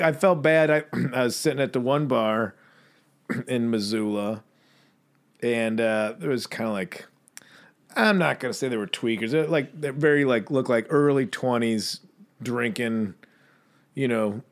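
A man co-hosting a podcast, telling stories in a casual, animated way and putting on high voices for the people in them. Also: measured pace, pauses often. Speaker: podcast co-host. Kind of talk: casual chat.

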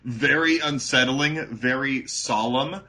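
A man co-hosting a podcast, talking over a film in an emphatic, somewhat halting way. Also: medium pitch, bright, forceful tone. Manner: emphatic, a bit halting with restarts. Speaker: podcast co-host. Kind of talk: casual movie recap chat.

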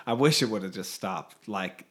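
Relaxed, joking man co-host. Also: lowish voice, moderate pace. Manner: relaxed and joking, uses short affirmations. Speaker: podcast co-host. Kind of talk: casual conversation.

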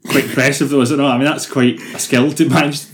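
A man's voice: mid-range voice, fairly even intonation, fast talker, echoey room. Rambling, sweary Scottish man. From Scotland. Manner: rambling, sweary, laughing storyteller. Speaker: podcast co-host. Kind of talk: casual chat.

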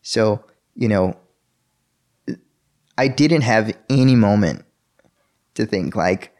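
A man's voice: on the low side, slow, a little mellow. A young man telling a personal faith story in an interview, earnest and full of fillers and restarts.

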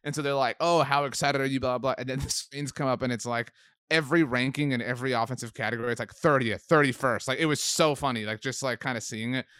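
A man's voice: mid-range voice, steady tone, quick pace, fairly bright tone, no echo. A man co-hosting a podcast, chatting casually about football with easy laughs and rambling asides. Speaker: podcast co-host. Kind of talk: casual sports chat.

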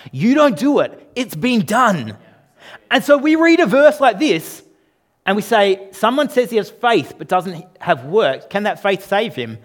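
A man preaching a sermon as pastor, emphatic and conversational, often putting questions to the congregation. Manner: emphatic, rises and drops in pitch and loudness for emphasis.

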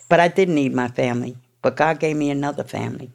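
A woman's voice: rumbling low, fast, creaky, hardly any pauses, a little mellow. A woman from New York telling her recovery story to an audience in a blunt, profane, emotional way. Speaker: recovery speaker. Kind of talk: candid personal recovery story.

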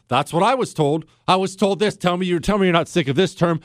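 A man hosting a political commentary show, animated and sarcastic, slipping into mocking voices. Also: high-pitched, a little fast, hardly any pauses, no echo, clean studio sound. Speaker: host.

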